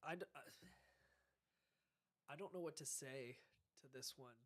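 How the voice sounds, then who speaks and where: A man's voice: medium pitch, unhurried. A young man hosting a casual podcast, reacting to dating tips in a rambling way, often trailing off and correcting himself. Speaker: podcast host.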